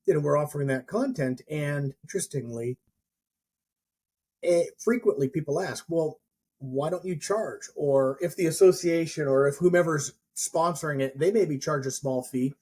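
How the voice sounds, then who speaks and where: Brief: mortgage pro on a podcast, high but mellow voice, rambling anecdotes with restarts. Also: male voice, moderate pace. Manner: rambling storyteller with many restarts. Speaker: mortgage professional and educator. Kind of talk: casual podcast chat.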